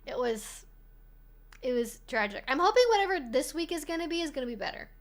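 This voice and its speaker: This streamer speaks in a high, animated voice at a brisk clip while hosting a casual livestream. Rambling is the norm, "like" shows up constantly, and she swears freely.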